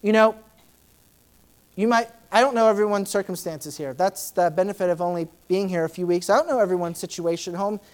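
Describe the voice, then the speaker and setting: Conversational woman preaching a lively sermon. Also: mid-range voice, a little fast. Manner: dramatic, acting out Bible scenes in shifting voices; conversational, many "you know" fillers.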